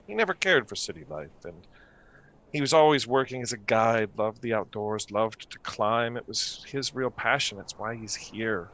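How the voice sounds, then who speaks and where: A man voicing a worried, grieving husband who works as a humble craftsman. He speaks haltingly and stumbles over his words. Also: on the low side, expressive, fairly bright tone. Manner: halting, stammering. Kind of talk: tabletop game character voice.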